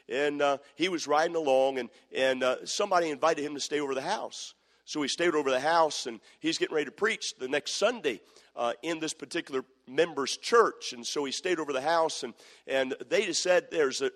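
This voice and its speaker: A man's voice: a little high, fairly bright tone. A man preaching a sermon, firmly repeating questions to the congregation and quoting verses in old scripture wording. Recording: long hall reverb.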